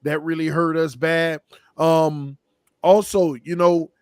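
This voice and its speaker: A man's voice: on the high side, little pitch movement, darkish tone, clean tone, no echo, studio quality. A man, losing his voice, giving an emphatic, slangy take in a casual sports debate as a roundtable panelist. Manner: emphatic, slangy, fast bursts. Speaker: roundtable panelist, team fan.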